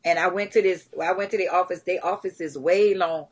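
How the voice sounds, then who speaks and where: A middle-aged woman, a charity founder, telling lively stories in a podcast interview, acting out what others said and laughing often. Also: lowish voice, brisk, breathy edge. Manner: animated storyteller, acts out quotes, laughs often. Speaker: guest, community charity founder.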